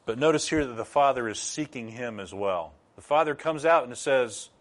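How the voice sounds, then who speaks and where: A man's voice: medium pitch, expressive, normal speed, few pauses. A middle-aged man preaching a sermon as pastor, teaching through rhetorical questions.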